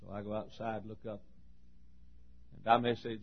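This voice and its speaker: A middle-aged man preaching a sermon, his voice dropping to a hush and then rising to loud, shouted exhortation. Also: fairly low pitch, level tone, normal speed, highs cut off.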